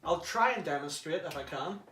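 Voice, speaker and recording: A man's voice: a little high, lively intonation, brisk, a bit bright, slight background noise. A man giving a casual how-to demonstration, chatty and jokey, with some swearing, recorded inside an enclosed prop casing. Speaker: prop hobbyist. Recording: echoey, from far off the mic.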